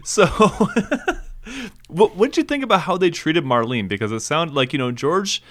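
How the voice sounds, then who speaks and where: A man's voice: a little high, animated. A man co-hosting a podcast in casual chat, playful and teasing. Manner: playful, teasing, quick to laugh. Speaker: podcast co-host.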